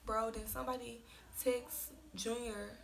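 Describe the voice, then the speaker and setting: A young woman recounts a painful story in a loose, slangy way, her words tumbling out in an upset rush. Her voice sits a bit high and has a gravelly, fried edge. A clear hiss of background noise runs under the whole recording. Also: flat delivery. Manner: casual slangy retelling, tearful and rushed. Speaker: vlogger. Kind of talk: emotional storytime.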